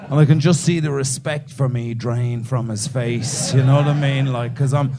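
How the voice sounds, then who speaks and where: A man's voice: medium pitch, measured pace, darkish tone. A man performing stand-up comedy in a club, swearing freely and teasing a man in the audience. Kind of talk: stand-up comedy crowd work.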